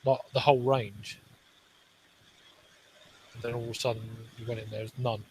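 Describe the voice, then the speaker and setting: A man's voice: mid-range voice, fairly even intonation, normal speed, a little mellow, a little hiss or hum, low-quality recording. A man co-hosting a casual podcast chat, laid-back with short remarks and casual swearing. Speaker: podcast co-host.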